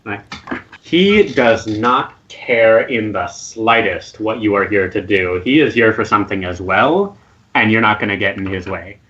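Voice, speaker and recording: Low-voiced man running a tabletop game. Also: a little slow, muffled recording. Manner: relaxed, loose narration with fillers. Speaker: game master. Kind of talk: narrating a tabletop game over voice chat.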